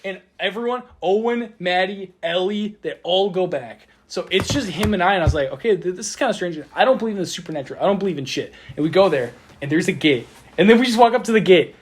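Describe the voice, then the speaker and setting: Young man, slightly high voice, stammering, repeating words, casual storytelling, phone recording. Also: lively intonation, fast. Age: young adult. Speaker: podcast host telling stories. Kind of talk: casual chat among friends. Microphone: phone voice memo app.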